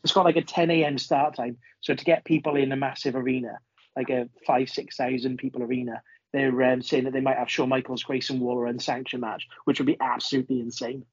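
A man in a casual podcast chat, explaining news quickly in a chatty way. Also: mid-range voice, level tone, slightly rough, no echo. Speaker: podcast co-host. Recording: dull lo-fi podcast audio.

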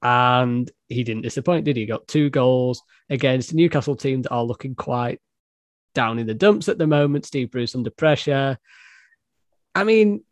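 A man's voice: medium pitch, no room sound. A man hosting a football podcast in a casual, joking, self-deprecating way. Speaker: podcast host and editor-in-chief.

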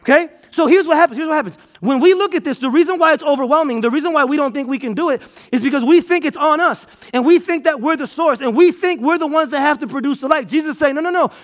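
A man's voice: very high-pitched, fast talker, few pauses. A man preaching a sermon with energy to a congregation, repeating and stressing his points. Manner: energetic, repetitive preaching with restarts and emphatic repeats. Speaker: pastor. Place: church auditorium.

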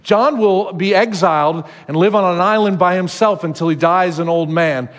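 A male pastor giving a sermon in a conversational, animated storytelling manner. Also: high voice, normal speed, in a large hall.

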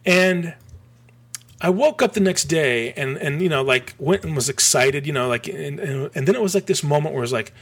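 A middle-aged man from Michigan telling a long story on a podcast as a guest, rambling and animated, with many restarts and a few swears. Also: fairly high pitch, normal speed, breathy edge. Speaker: podcast guest, graphic designer. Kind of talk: casual storytelling.

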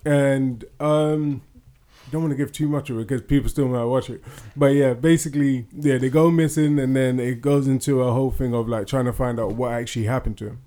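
A man's voice: mid-range voice, steady tone, fairly quick, mellow. A man co-hosting a podcast in casual chat, laid-back and slangy. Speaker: podcast co-host.

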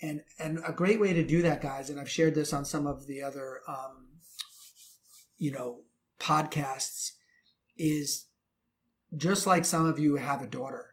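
Male relationship coach, slightly higher voice, earnest and preachy, repeats himself for emphasis. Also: steady tone, a little slow, pauses often. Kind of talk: advice talk to men.

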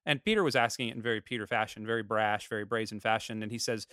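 Male podcast co-host, smooth and dry, animated storyteller. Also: fairly low pitch, fast talker, few pauses, dry recording. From Florida. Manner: animated storyteller, acts out quotes. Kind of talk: casual chat.

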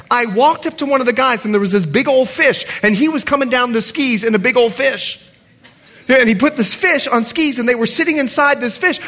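A male pastor preaching a sermon, telling stories with animated swings from shouting to quiet. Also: extremely high pitch.

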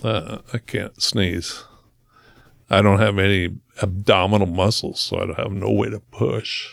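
Low gravelly man telling his story. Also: fairly even intonation, dry recording, clean studio sound. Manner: earnest, slows down to stress key moments. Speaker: podcast guest, motivational speaker. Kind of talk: personal storytelling in conversation.

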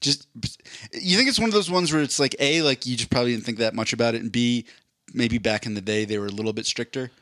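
A man's voice: medium pitch, fast, fairly bright tone, no echo. A man co-hosting a casual comedy podcast, asking questions and spinning jokey hypotheticals. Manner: quizzing and riffing with jokey hypotheticals. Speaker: podcast co-host. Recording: dry close-miked podcast audio.

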